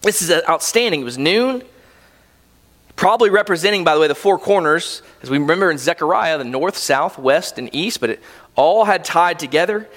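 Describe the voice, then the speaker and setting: A man's voice: on the high side, animated, a little fast, a bit bright, in a large hall. A man preaching a sermon as a pastor, telling the story vividly and with animation.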